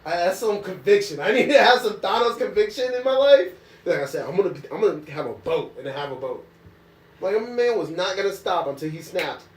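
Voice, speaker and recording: An animated man chatting on a couch, his pitch leaping all over as he laughs and acts things out. He sounds a little away from the mic, in a roomy, echoey space. The talk is loose and casual. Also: brisk. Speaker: co-host. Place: living room couch. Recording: echoey room, mic at a distance.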